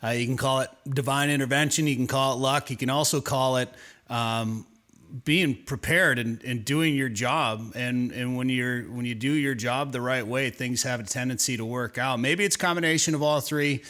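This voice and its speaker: A male outdoors radio host with a bright, forward voice. He rambles through a fishing story in casual chat, doubling back and repeating words as he goes. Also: mid-range voice, normal speed.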